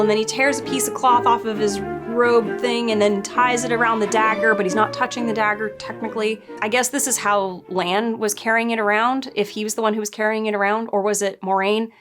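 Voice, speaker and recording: A woman's voice: fairly high pitch, fairly even intonation, moderate pace, hardly any pauses, music in the background. A woman casually recapping and nitpicking a TV episode, chatty and exasperated, laughing now and then. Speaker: show reviewer.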